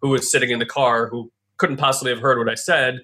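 Man, bright and forceful voice, casual reflective storytelling, chatty with fillers. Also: mid-range voice, steady tone, fast. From California.

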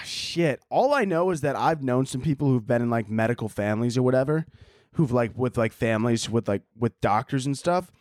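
A man hosting a podcast, swearing freely as he rants sarcastically through listener questions. His pitch leaps up and down constantly. The sound is close and dry, with no room around it. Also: a little mellow, no room sound. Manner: profane, sarcastic ranting. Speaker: podcast host. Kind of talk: casual advice segment.

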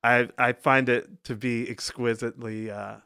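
A man's voice: mid-range voice, level tone, moderate pace, vocal fry, pushed and bright, clear, resonant tone. Effusive male podcast co-host. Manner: effusive, laughs often. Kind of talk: casual podcast chat.

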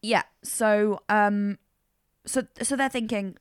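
A woman's voice: medium pitch, steady tone, slow, smooth, no echo, studio quality. A woman co-hosting a podcast, telling a true crime case in a chatty, slangy way. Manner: chatty, uses casual slang like mega. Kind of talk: casual true crime storytelling.

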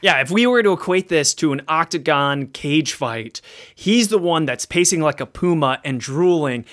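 A man hosting a podcast, chatting casually in a playful, teasing, animated way. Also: fairly high pitch, moderate pace. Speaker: podcast host.

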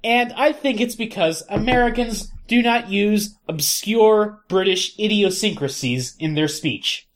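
A woman co-hosting a podcast, speaking at a mid pitch for a woman. Her manner is dry. She keeps trying to get a word in during casual banter. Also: measured pace, hardly any pauses. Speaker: podcast co-host.

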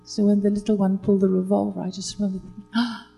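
An older British actress, a guest telling stories in a relaxed chat, hesitant with many fillers and restarts. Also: female voice, mid-range voice, racing, gravelly, faint music behind, low-quality recording. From Britain.

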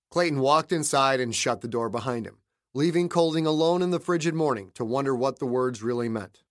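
Narrateur au son sec et proche. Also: male voice, medium pitch, brisk, no room sound, clean studio sound. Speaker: audiobook narrator and author. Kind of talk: scripted narration.

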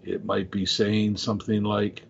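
A man's voice: fairly low pitch, flat delivery, unhurried, creaky, lo-fi sound, a little hiss or hum. A man hosting a casual podcast conversation, explaining ideas in a coaching tone.

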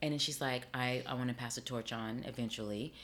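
A middle-aged woman, an actor and acting teacher, chatting in an interview and telling her story with lively acted-out dialogue. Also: very deep voice, a little fast, a little hiss or hum. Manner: animated storyteller, acts out quoted dialogue. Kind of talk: casual interview chat.

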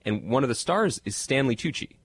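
A man, a TV critic guest on a podcast, chatting animatedly and jumping up in pitch to make a point. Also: a little fast, husky, dry recording. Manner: animated, jumps up in pitch when making a point. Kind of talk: casual chat.

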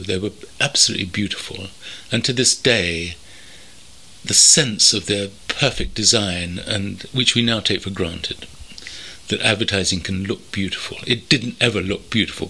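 An older man from North London, reminiscing thoughtfully as an interview guest, pausing often with ums. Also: on the low side, sharp tone, breathy edge. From North London, England. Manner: thoughtful, measured, with many pauses and ums. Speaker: interview guest, veteran copywriter. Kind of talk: reflective reminiscing. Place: country home.

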